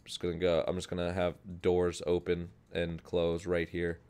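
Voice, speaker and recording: A man's voice: low voice, completely flat delivery, normal speed, a little mellow, clear, resonant tone. A young man casually narrating his own gameplay as a video host, rambling upbeat and often correcting himself. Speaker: gaming channel host. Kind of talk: casual Minecraft let's play commentary.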